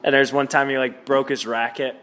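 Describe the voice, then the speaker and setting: A man's voice: medium pitch, flat delivery, fairly quick, fairly bright tone. Laid-back young man, casual podcast chat. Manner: laid-back, laughs often, swears. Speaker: podcast co-host.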